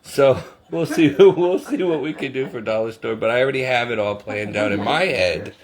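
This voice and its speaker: A man's voice: mid-range voice, moderate pace, a crowd in the background. A middle-aged man chatting casually to camera, rambling and self-deprecating, often laughing at himself. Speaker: vlogger.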